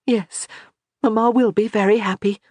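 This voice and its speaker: A narrator voicing a kind, calm young noblewoman in an audiobook. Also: medium pitch, normal speed, no echo, pitched above the performer's own voice, natural voice. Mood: gentle. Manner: soft, reassuring. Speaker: character in an audiobook. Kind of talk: audiobook character reading.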